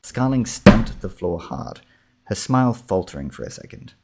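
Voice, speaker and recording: Low gravelly male narrator. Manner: steady, measured reading. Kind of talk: scripted storybook narration.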